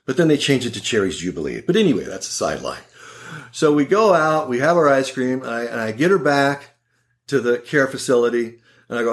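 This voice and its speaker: A man's voice: medium pitch, brisk. A man around sixty, an oral surgeon, telling funny family stories as a podcast guest in a wry, laughing way. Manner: animated, wry and laughing, with quoted voices. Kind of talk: casual storytelling in a podcast interview.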